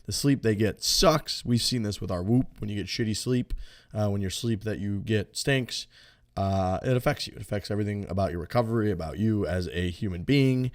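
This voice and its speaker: A man co-hosting a podcast, talking in a relaxed, rambling way with many fillers, including a loose sponsor read. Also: on the low side, a little fast. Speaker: podcast co-host.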